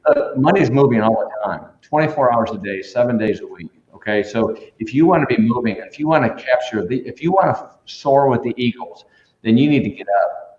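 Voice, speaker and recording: A man's voice: medium pitch, roomy sound, highs cut off. A man, a sales coach, talking as a guest in a punchy, preachy motivational way, with lots of "come on" asides. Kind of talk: energetic motivational talk.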